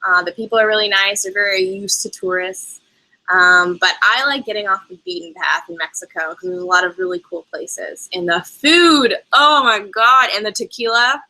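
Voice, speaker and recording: A woman's voice: medium pitch, normal speed, bright, forceful tone, poor audio. A woman hosting a casual live travel chat, bubbly and chatty, laughing often as she answers viewer questions. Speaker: travel vlogger host. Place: lives in Canada.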